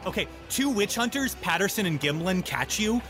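A man narrating a tabletop game as game master, playful and quick to slip into little voices. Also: high-pitched, very animated, music in the background.

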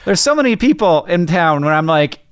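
A middle-aged man from the United States with a fairly high, very lively voice, co-hosting a podcast. He chats casually with wry asides and quick laughs. The sound is dry and close. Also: clean tone, no room sound. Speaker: podcast co-host. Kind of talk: casual chat.

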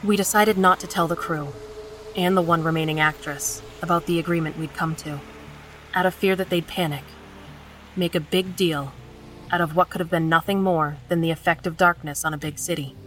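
Low-voiced woman narrating a horror story. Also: steady tone, fairly bright tone, distant mic, faint music behind. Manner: measured, tense storytelling. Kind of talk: scripted first-person narration.

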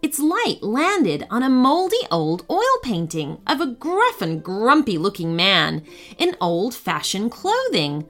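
A woman narrating a children's bedtime story with expressive, animated storytelling. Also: a little high, slow pace.

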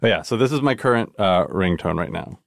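A man guesting on a casual podcast, chatty and quick to laugh. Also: low voice, expressive, gravelly, background noise.

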